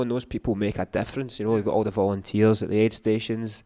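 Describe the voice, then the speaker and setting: A man's voice: lowish voice, little pitch movement, fast talker, a little mellow, no echo, studio quality. A man, a podcast guest, telling an emotional story in casual chat, swearing often.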